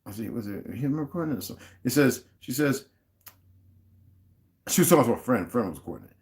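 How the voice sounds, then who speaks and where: Man hosting his own livestream: a cursing, fired-up rant with big swings in pitch, mid-range voice, breaks off to greet viewers. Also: fast talker. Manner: profane, heated, animated ranting; greets viewers and reads their chat comments aloud. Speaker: livestream host.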